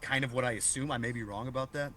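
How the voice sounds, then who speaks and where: A man co-hosts a podcast in a loose, joking way, laughing often and tripping over his own restarts. His voice sits at an ordinary middle pitch. A faint hiss runs under the recording. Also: quick pace, a bit bright. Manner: loose and joking, swears freely. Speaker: podcast co-host. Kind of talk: casual chat.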